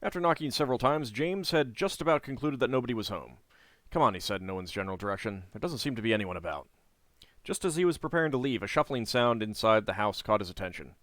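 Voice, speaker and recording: Man, playthrough host reading game story, animated delivery, dry room. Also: mid-range voice, quick pace, hardly any pauses, dry recording. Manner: relaxed, chatty asides. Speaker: gameplay host and narrator. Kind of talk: reading game text aloud with commentary.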